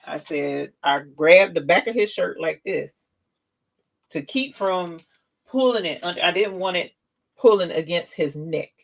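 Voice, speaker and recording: An older woman, a grandmother, hosting a casual live craft stream and telling an animated, chatty story while demonstrating. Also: lowish voice, measured pace, creaky, rough recording.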